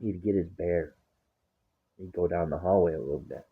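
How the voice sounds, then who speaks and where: Husky, foul-mouthed man over a tinny line. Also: deep voice, moderate pace. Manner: rambling, swears a lot, acts out talk to his dog. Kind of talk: casual profane storytelling. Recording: tinny phone-like sound.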